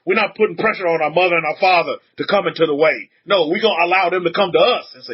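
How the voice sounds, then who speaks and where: A man teaching as a rabbi in a casual, animated sermon, repeating himself and dropping in blessings. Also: high-pitched, fast, few pauses, husky, dull audio. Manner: animated, repetitive, punctuated with blessings. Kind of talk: informal outdoor sermon.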